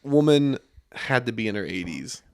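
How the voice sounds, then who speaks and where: A young man hosting a casual podcast, telling stories in a relaxed way with lots of fillers and restarts. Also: mid-range voice, normal speed, vocal fry.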